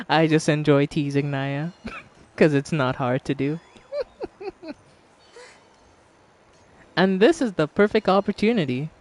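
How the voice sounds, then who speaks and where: A woman's voice: deep voice, darkish tone. A woman streaming a game, chatting casually with her audience, teasing and laughing often and swearing freely.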